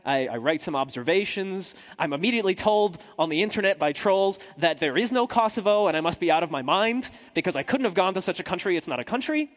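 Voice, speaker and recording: A man's voice: high voice, lively intonation, quick pace, hardly any pauses, big-room sound. A man, a journalist, telling a humorous story to a live audience in a chatty, self-deprecating way with asides to the crowd.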